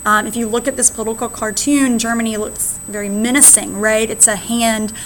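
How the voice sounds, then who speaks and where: An American woman teacher walks through history slides in a recorded lesson, often tagging "right?" onto her points. Her voice sits a little high. A faint hiss of noise runs under the recording. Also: fairly even intonation, fairly quick. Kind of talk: recorded classroom lecture.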